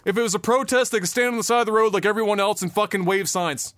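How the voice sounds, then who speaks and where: A man's voice: high-pitched, fast, fairly bright tone, no echo. A man co-hosting a podcast, ranting in casual chat with plenty of swearing and mocking impressions. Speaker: podcast co-host.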